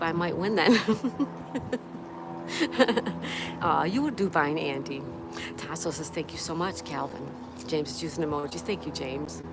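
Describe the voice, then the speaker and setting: Gravelly low-voiced woman reading chat. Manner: reads viewer comments aloud and answers them. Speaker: livestream host. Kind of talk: casual livestream chat. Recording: clear background noise.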